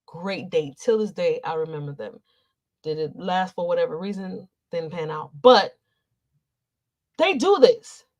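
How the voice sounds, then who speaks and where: A woman's voice: lowish voice, expressive, unhurried. A woman in casual commentary, ranting and cursing in an exasperated way, with speech. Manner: profane, loud, exasperated ranting. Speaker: commentary vlogger.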